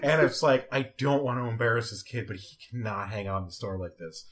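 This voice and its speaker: A man's voice: mid-range voice, fairly quick. A young man hosting a casual chat, telling funny work stories with a laugh and acting out what people said. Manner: animated, laughing storyteller who acts out quotes.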